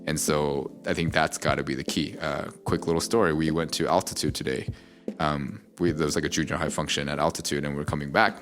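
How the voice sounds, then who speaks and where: Deep-voiced pastor, reflective and unhurried. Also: male voice, little pitch movement, fairly bright tone, soft background music. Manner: reflective storytelling with many fillers. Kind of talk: casual podcast conversation.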